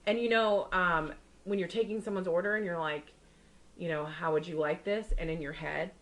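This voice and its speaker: With a steady tone and normal speed, a young woman co-hosts a casual podcast chat on a low-quality recording. She's chatty and tells stories, acting out the quoted people with big jumps in pitch.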